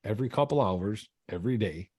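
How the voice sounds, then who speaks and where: A man's voice: fairly low pitch, lively intonation, brisk, a little mellow, breathy edge, dry recording, clean studio sound. A man, a podcast guest, telling his own story in an earnest, reflective way, often restarting his sentences. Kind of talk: casual storytelling.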